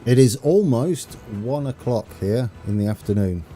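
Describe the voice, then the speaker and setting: A man's voice: mid-range voice, animated, moderate pace, dark tone. A man from the UK chatting casually with viewers on a live stream while playing a train game, rambling and chuckling as he reads chat. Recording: faint game music behind.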